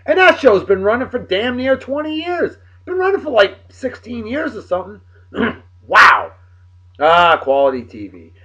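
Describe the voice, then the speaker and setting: A man's voice: sits high, big pitch swings, moderate pace, sharp tone. A man hosting a casual video show, rambling with playful, exclamatory asides in a dull lo-fi home recording. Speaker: host. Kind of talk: casual video blog chat.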